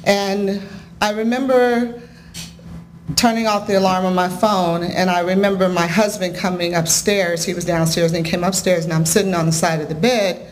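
A woman's voice: fairly low pitch, steady tone, normal speed, a little hiss or hum. A middle-aged woman, a school principal, giving a heartfelt speech to an audience, telling a story in an earnest way and reading a letter aloud.

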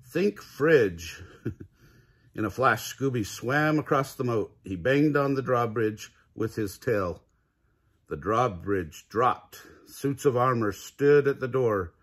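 An older man reads a children's picture book aloud, pausing to chuckle along the way. His pace is slow and unhurried, and his voice has a husky, slightly breathy grain. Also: medium pitch. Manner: chuckles between lines, warm storytelling. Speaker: grandfather reading to kids.

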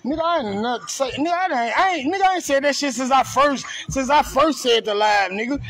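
A man's voice: very high voice, animated, brisk, vocal fry, a bit bright. A man delivering a confrontational, profane rant on a live video and taunting someone over and over. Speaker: streamer ranting on a live video.

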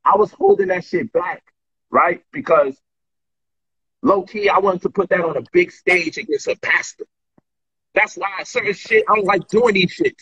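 A man in a heated casual chat over a remote call, boasting about how he handled a debate, animated and profane. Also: sits high, moderate pace, breathy edge, highs cut off. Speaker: debater discussing a past debate. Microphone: remote call mic.

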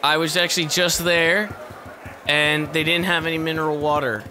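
A man streaming a video game, commentating live in an excitable, profane way and yelling at the characters. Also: a little high, moderate pace, slight background noise.

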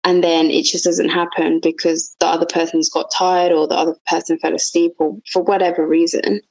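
Young woman, low gravelly voice, dry close sound, frank, animated storyteller. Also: fairly quick, no room sound, rough recording. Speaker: podcast co-host. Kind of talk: casual chat.

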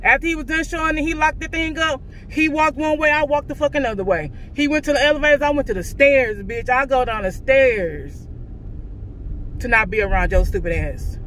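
Woman vlogger ranting from her car, real high bright voice, cussing nonstop. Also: brisk, a little hiss or hum. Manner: loud, profane, ranting, talks to viewers. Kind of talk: casual venting vlog.

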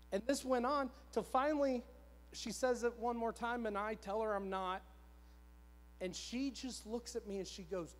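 Guy preaching in a church, high voice, chatty storytelling, lots of hall echo. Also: moderate pace, pauses often. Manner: conversational, repetitive, self-deprecating. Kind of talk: storytelling sermon. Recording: long church hall reverb.

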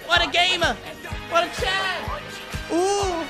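A man with a Sheffield accent, streaming and role-playing a rat character, excitable and jokey, yelling out comic bits. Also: very high-pitched, takes it slowly, long pauses, music in the background. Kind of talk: playful in-game role-play chatter.

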